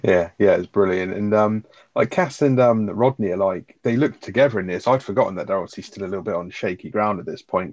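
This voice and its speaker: A man chatting casually on a podcast, retelling sitcom scenes with swearing and quick asides. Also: on the low side, a little mellow, dry recording, dull audio. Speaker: podcast co-host. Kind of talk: casual chat reviewing a sitcom episode.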